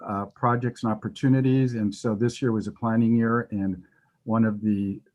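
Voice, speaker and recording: A man's voice: lowish voice, steady tone, normal speed, a little mellow. A man giving a facilities presentation to a committee over a remote call, explaining steadily with some fillers. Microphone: remote call audio.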